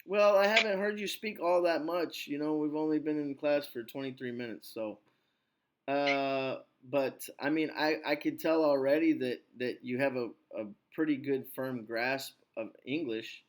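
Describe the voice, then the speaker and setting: A man's voice: on the high side, moderate pace. A slightly sick man teaching an English lesson over a video call, chatty and coaching, with lots of "you know" fillers. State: slightly sick, clears throat.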